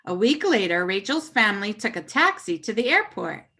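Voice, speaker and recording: A woman reading a children's story aloud with puppets, expressive and animated. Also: medium pitch, normal speed.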